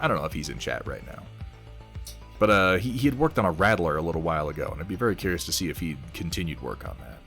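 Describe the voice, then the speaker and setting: A man's voice: deep voice, sing-song, fast talker, vocal fry, a bit bright, soft background music. A man chatting casually on a live stream while painting miniatures, rambling, reading viewers' messages aloud and swearing offhandedly.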